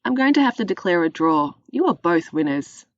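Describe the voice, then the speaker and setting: Jolly dad figure, put on by a woman storyteller, drawn-out delighted remarks, dry dull sound. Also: lowish voice, big pitch swings, dry recording. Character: jolly middle-aged father judging.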